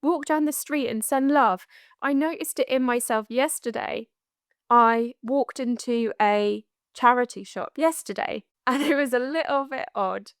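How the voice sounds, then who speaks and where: A woman's voice: on the high side, unhurried, clear, resonant tone, dry recording, clean studio sound. A woman hosting a solo spiritual coaching podcast, chatty and laughing often, with frequent asides. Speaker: podcast host.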